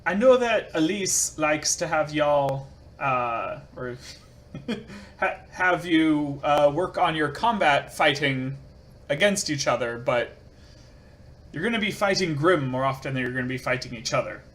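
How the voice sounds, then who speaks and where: A man's voice: on the high side, expressive, measured pace, fairly bright tone. A man voicing a laid-back male combat teacher who gives offhand, casual instructions. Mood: explaining.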